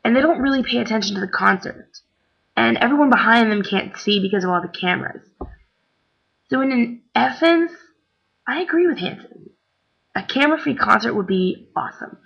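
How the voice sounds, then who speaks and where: A woman's voice: on the high side, expressive, normal speed, vocal fry, husky. A tired young woman chatting casually in a rambling way, with lots of "like" and "um". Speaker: vlogger. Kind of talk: casual chat. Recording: dull lo-fi webcam recording.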